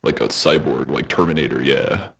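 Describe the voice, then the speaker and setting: A man's voice: rumbling low, normal speed, vocal fry, slightly rough. A young man from the United States on a video call, joking and defensive in casual chat. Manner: joking, defensive, says dude. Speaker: student on a call. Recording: dull call audio, faint hiss.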